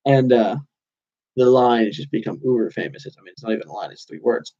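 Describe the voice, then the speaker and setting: A man's voice: medium pitch, fairly even intonation, fast, dark tone, highs cut off. A young man rambling casually to his channel's viewers, loose and meandering with lots of fillers and restarts. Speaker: channel host. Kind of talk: casual rambling monologue to camera.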